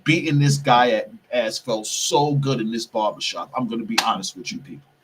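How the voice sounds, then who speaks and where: A man's voice: medium pitch, normal speed, noisy background. A man hosting a podcast, telling a heated personal story, profane and repeatedly calling out to his listeners as "people". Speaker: podcast host. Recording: distant mic, husky sound.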